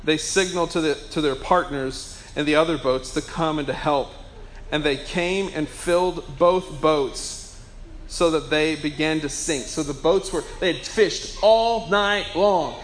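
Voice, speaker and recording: Animated high-voiced male pastor preaching. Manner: animated storytelling, acts out voices of Jesus and fish; casual, conversational with restarts. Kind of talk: sermon.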